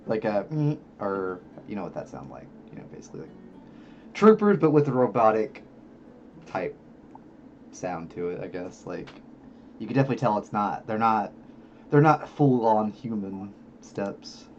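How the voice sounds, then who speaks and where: A man's voice: fairly low pitch, big pitch swings, normal speed, a little mellow, highs cut off, a little hiss or hum. A man narrating as game master, loose and hesitant, full of filler words.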